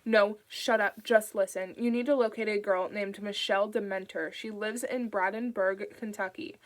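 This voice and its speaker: A woman voicing a tough, injured woman on the run, speaking in urgent, clipped, forceful lines for an audiobook. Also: medium pitch, steady tone, normal speed, lightly acted.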